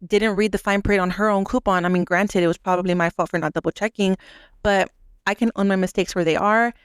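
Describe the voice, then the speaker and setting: A young adult woman telling a work story in casual chat, animated, acting out quotes and saying "like" a lot. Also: mid-range voice, a little fast, clear, resonant tone, dry recording, studio quality. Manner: animated, acts out quotes, heavy use of "like". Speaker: podcast co-host; restaurant manager.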